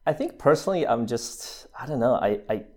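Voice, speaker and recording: A man's voice: mid-range voice, animated, brisk. A man in his thirties with an American accent, talking through his background in an interview, hesitant, with many fillers and restarts. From New Zealand. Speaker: interview guest. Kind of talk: casual interview.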